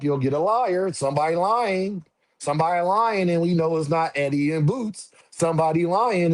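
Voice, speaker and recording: Dry, higher-pitched man streaming casually. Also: darkish tone, no room sound. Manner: loose, profane, repetitive slang. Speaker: boxing commentary streamer. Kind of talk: casual livestream chat.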